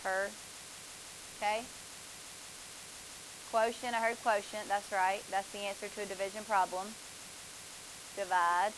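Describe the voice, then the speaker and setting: A woman's voice: on the high side, sharp tone, slight background noise, low-quality recording. A woman, teaching a math class, asking students questions and praising their answers.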